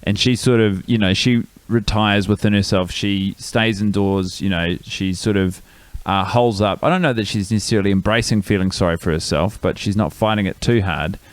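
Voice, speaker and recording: A wry man chatting on a podcast, thinking aloud in long, winding sentences. His voice sits fairly low, and the recording is dry and close with no room sound. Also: moderate pace, no room sound. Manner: wry, long-winded musing. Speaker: podcast co-host. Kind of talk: casual chat.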